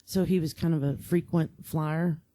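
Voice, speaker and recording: A woman, an assistant police chief, speaking in a measured, thoughtful way in casual conversation as a podcast guest. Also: low voice, fairly even intonation, dark tone, no room sound. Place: studio.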